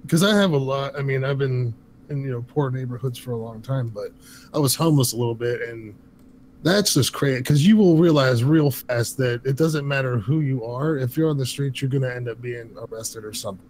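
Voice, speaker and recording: A man's voice: mid-range voice, brisk, a little mellow, slight background noise. A man calling into a live stream, rambling loosely with lots of fillers. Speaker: caller. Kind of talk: casual call-in chat.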